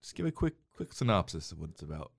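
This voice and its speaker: A middle-aged father co-hosts a movie podcast with his son, casually chatting about movies and TV in a teasing, bossy way and laughing often. His low, creaky voice swings widely in pitch at a quick pace. He's recorded with headphones and a studio mic.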